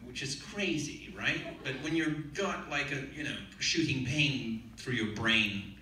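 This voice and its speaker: A man telling a story on stage in an animated, playful way. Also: mid-range voice, unhurried, hardly any pauses, a little hiss or hum. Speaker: guest actor. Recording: echoey hall, mic from far off.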